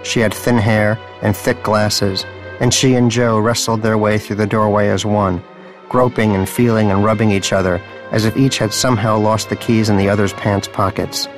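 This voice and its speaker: A man reading a story aloud in a dry, deadpan narrating style. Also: on the low side, moderate pace, soft background music. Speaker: audiobook narrator. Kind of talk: scripted narration.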